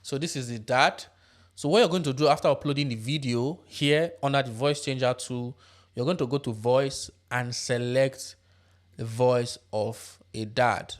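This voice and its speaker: A man hosting a tutorial, explaining software steps one by one and checking in with tag questions. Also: mid-range voice. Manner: step-by-step instructive, tag questions. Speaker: tutorial host. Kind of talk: screen-recorded software tutorial.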